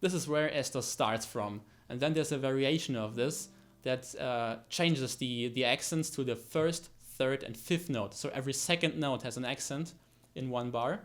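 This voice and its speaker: A man's voice: medium pitch, moderate pace, few pauses. A man explaining guitar technique in a tutorial, talking with frequent fillers and restarts and counting beats aloud. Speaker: guitar teacher. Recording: loud guitar under the voice. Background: guitar playing.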